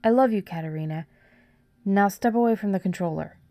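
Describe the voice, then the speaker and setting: A woman doing a gentle ghostly dad. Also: mid-range voice, brisk, dry recording, faint music behind, pitched above the performer's own voice, close to an everyday voice. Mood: tender. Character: loving late father, gentle, man.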